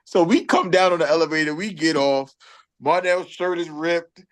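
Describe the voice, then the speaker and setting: Animated Brooklyn rapper telling a story. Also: male voice, on the high side, moderate pace. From Brooklyn, New York. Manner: animated storyteller, acts out other people's lines. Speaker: rapper guest. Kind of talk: casual storytelling interview.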